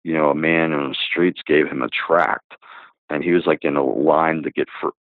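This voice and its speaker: A man's voice: a bass voice, steady tone, moderate pace, dry recording. A man in his fifties giving a rambling spoken testimony as a guest, with many fillers and restarts. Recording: tinny phone-line sound, dry.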